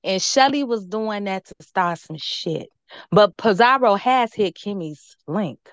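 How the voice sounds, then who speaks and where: A woman co-hosting a chat stream, speaking quickly, directly and emphatically. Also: medium pitch, lively intonation, dry recording. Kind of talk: casual commentary chat.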